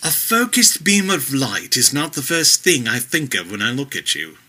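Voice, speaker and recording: A man's voice: medium pitch, very animated, moderate pace, sharp tone, voice pushed up. A man voicing an impatient agent partner who speaks sharply and barks orders, in an audiobook story.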